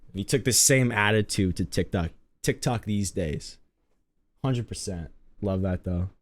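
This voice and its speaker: A man's voice: lowish voice, a little slow. A man streaming live, chatting casually and rambling to his viewers.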